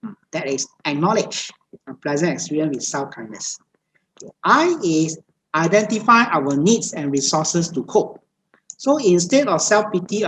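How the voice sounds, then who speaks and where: A woman's voice: sits low, lively intonation, moderate pace, a little hiss or hum, poor audio. A woman giving a Buddhist dharma talk over a video call, speaking in repetitive, list-like phrases with many hesitant fillers. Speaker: meditation teacher.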